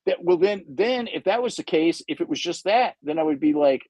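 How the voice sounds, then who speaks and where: A man's voice: fairly high pitch, expressive, a little fast, a little mellow, no echo, poor audio. A man hosting a livestream, painting while he chats in a rambling, self-interrupting, jokey way. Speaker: livestream host painting models. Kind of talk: casual rambling chat.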